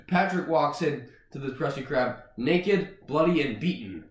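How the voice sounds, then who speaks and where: A man co-hosting a casual podcast, riffing jokes with animated energy. His voice is fairly high for a man and swings widely in pitch. The recording has a roomy echo. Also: unhurried. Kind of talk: casual chat. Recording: echoey room.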